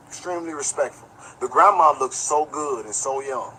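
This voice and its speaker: A man's voice: fairly high pitch, normal speed, sharp tone, a little hiss or hum, rough recording. A man giving casual livestream commentary, telling a rambling, profane story and talking straight to his viewers. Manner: talks straight to viewers, reads chat aloud. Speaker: online commentator.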